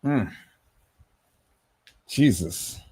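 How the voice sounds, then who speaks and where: A man's voice: fairly low pitch, expressive, very slow, a little mellow, husky. A man hosting a livestream, talking emotionally and emphatically, repeating words and stammering as he addresses his viewers as "people". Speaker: live stream host.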